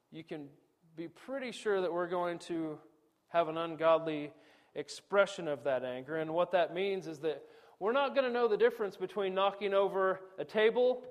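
Higher-voiced man preaching animatedly. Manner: animated preaching with quoted dialogue, pitch swinging up and down. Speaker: pastor. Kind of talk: sermon.

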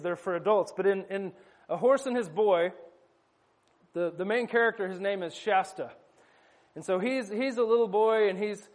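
High-voiced man preaching a sermon. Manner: conversational with wry asides, slowing for emphasis.

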